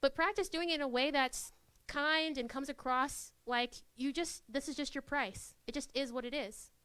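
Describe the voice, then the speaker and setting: A young woman presenting a workshop in a university classroom, lively and chatty, acting out little scenes in quoted voices. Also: high-pitched, moderate pace, dry recording. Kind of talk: live workshop talk.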